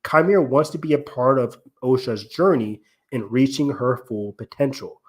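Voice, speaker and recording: A man's voice: mid-range voice, normal speed. Man analyzing a show in podcast chat. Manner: analytical, steady explaining with frequent ums and restarts. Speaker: podcast co-host. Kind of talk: casual podcast discussion.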